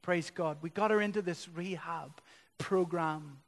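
A man preaching a sermon as a pastor, building to loud, impassioned passages. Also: on the high side, measured pace. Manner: impassioned preaching that swells louder. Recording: long reverb of a large hall.

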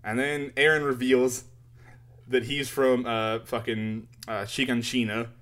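A man chatting casually, retelling a story in an animated way with frequent laughter and swearing. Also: medium pitch, measured pace. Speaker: podcast co-host. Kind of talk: casual chat retelling a manga chapter.

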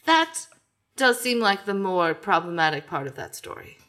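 A woman playing a chef who answers in a calm, careful and polite manner. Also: medium pitch, moderate pace. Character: measured woman chef judge.

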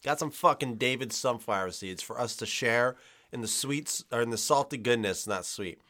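A man's voice: medium pitch, normal speed, pushed and bright. A man co-hosting a podcast, rambling and swearing in casual banter and laughing easily. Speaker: podcast co-host.

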